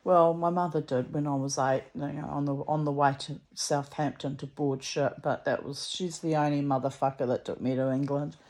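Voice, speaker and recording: A woman's voice: sits low, fairly even intonation, moderate pace, hardly any pauses, a little mellow. A woman telling a story in a chatty, rambling way, blunt and salty, with lots of asides and restarts. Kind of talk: casual storytelling monologue.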